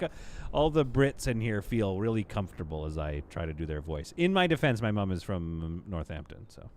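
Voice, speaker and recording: A man's voice: sits low, big pitch swings, normal speed, a little mellow, a little hiss or hum. Chatty man streaming a city builder. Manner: chatty, talks to the game and to chat, playful asides. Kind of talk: live gameplay commentary.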